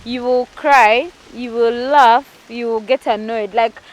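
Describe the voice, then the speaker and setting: A woman's voice: a little high, slow pace. A woman, chatting emphatically with friends about pregnancy. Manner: animated, emphatic storytelling. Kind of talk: casual chat.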